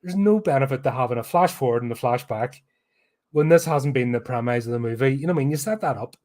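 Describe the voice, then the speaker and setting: Speaking fast in a mid-range, slightly mellow voice, a man with a Northern Irish Belfast accent hosts a podcast. He delivers a film review rant that is blunt, sarcastic, and sweary.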